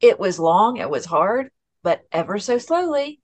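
This woman's medium-pitched voice has a sing-song quality as she chats frankly on a podcast as a guest. She occasionally laughs at herself and is quick to restart sentences.

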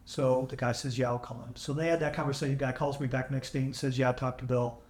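Earnest male podcast guest, halting emotional storytelling, roomy audio. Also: mid-range voice, level tone, darkish tone. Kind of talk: candid storytelling. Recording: echoey room, AI-salvaged audio.

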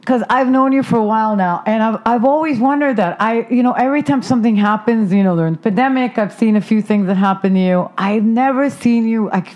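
A woman's voice: fairly high pitch, a little mellow, dull audio. A woman co-hosting a casual podcast, asking encouraging personal questions. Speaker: podcast co-host. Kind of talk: casual chat.

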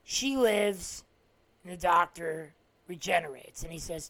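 A man's voice: high voice, expressive, a little slow, creaky, a crowd in the background. A man from New Jersey with a New Jersey accent, hosting a solo podcast and retelling stories in a rambling way, with many "uh" fillers and restarts. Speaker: podcast host. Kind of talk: casual solo podcast monologue.

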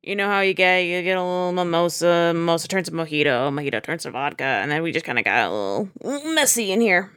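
A woman playing a tabletop game, playful and expressive in her talk. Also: on the low side, fast talker, few pauses, clear, resonant tone, no room sound, studio quality. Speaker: player.

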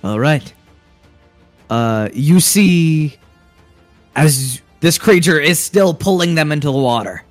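Guy running a tabletop game, slow and relaxed, kinda high voice, lots of ums. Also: no room sound, soft background music. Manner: unhurried, hesitant with fillers. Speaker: game master.

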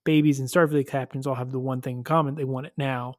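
A man putting on a Scottish accent to voice a gruff older male starship engineer giving folksy advice. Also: medium pitch, fairly even intonation, quick pace, no room sound, clean studio sound, natural voice. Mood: knowing. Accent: put-on Scottish.

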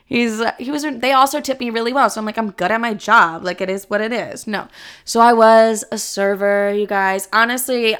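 A young adult woman telling a casual story about working as a server, animated, filling her speech with "like" and casual swearing. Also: mid-range voice, clean tone. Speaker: vlogger recounting past server job.

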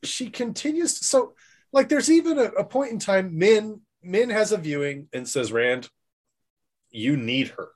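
A podcast co-host in casual discussion, speaking haltingly with frequent restarts. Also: mid-range voice, expressive, darkish tone. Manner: slow, halting, restarts often.

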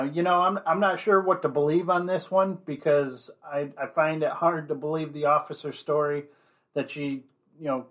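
A man's voice: fairly high pitch, fairly bright tone. A man giving an opinionated commentary monologue, blunt and rambling, leaning on constant "you know" fillers.

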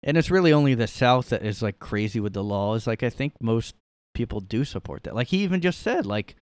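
A man talks alone in his room, rambling and scoffing his way through commentary. His voice is clean and smooth, with a middling pitch. The recording is dry and close, with no room echo. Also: animated, fairly quick. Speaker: podcast host. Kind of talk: casual solo commentary.

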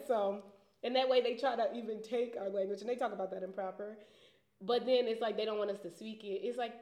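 Young woman, higher voice, animated and laughing, roomy garage echo. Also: brisk. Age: young adult. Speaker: panelist. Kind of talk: casual panel discussion. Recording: echoey garage room.

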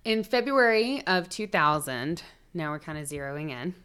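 A woman's voice: low-pitched, lively intonation, normal speed, a bit bright, smooth. A woman co-hosting a podcast, recounting a true-crime case in casual chat, swearing freely and adding jokey asides. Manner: chatty, swearing, storytelling with asides. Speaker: podcast co-host.

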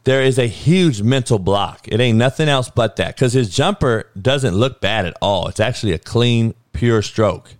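A man hosting a podcast, delivering a blunt, heated, profanity-laced sports rant that climbs into yelling. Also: mid-range voice, moderate pace, hardly any pauses, no echo, studio quality. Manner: blunt, heated, swearing, rising to a yell. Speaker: podcast host.

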